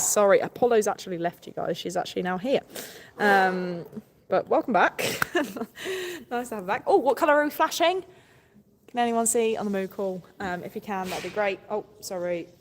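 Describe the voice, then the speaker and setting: A woman with a mid-range voice livestreams from her farm on a handheld phone camera, cooing affectionately at her animals and rambling, chatting, and laughing often with viewers. The recording has noisy outdoor farm sound and a long reverb tail.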